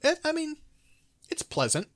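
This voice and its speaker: A man's voice: extremely high pitch, normal speed. A man co-hosting a podcast, telling rambling stories in a casual chat with lots of fillers. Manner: rambling, animated storytelling with many fillers. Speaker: podcast co-host.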